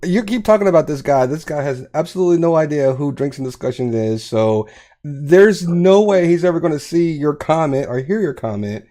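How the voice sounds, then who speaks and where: Firm man host with a mellow voice. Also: on the high side, expressive, a little fast. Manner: firm, cuts in to steer the talk. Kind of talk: casual chat.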